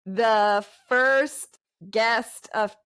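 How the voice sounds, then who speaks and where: A woman hosting a podcast, chatting casually and encouraging her guest with quick affirmations. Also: on the high side, steady tone, a bit bright, smooth. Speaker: podcast host. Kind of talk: casual chat.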